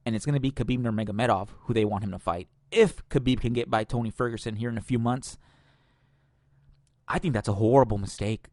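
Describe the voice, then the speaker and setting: A man's voice: mid-range voice, no room sound, studio quality. A man hosting a podcast, ranting casually and profanely with strong opinions. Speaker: podcast host.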